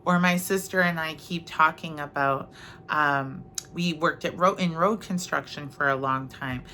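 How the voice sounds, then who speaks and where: Brief: middle-aged woman, motivational speaker, unhurried, bright tone, earnest and chatty. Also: sits low, a little hiss or hum. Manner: earnest, conversational, often asks "right?". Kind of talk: reflective spiritual talk.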